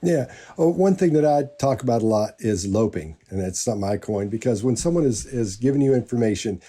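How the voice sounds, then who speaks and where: A man's voice: medium pitch, lively intonation, brisk, warm tone, slightly rough. A man who trains people for jury selection, explaining in loose, rambling stretches full of restarts. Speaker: body language expert and jury selection trainer. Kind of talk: panel discussion.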